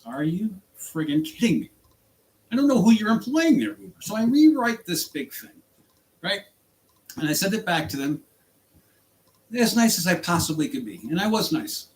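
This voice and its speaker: An angry man from the United States ranting in a vlog about his work as a rideshare driver, exasperated and jumping in pitch. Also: very animated, moderate pace, pauses often, poor audio. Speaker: rideshare driver and channel host.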